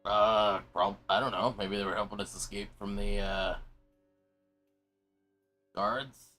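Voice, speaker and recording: A man playing in a tabletop game, halting and rambling as he recaps. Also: on the low side, fairly even intonation, pushed and bright, faint music behind. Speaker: player. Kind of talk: casual tabletop play.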